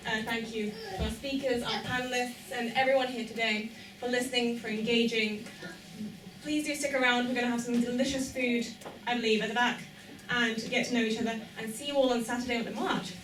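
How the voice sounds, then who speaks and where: A woman's voice: on the high side, fairly even intonation, brisk. A woman hosting an event and giving the closing remarks, informal and hesitant, with fillers. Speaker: event host. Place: event hall with audience. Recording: echoey hall, distant mic, background noise.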